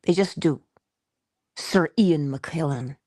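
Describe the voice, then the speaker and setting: A woman giving a casual motivational talk, expressive, dropping into whispers and laughing often. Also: low voice, takes it slowly, breathy edge, no room sound, clean studio sound. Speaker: motivational vlogger.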